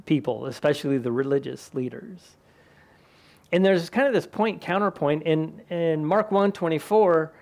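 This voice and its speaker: In a church sanctuary, a male pastor gives a conversational sermon, raising his voice whenever he quotes people from scripture. His voice is fairly high in pitch and a little mellow.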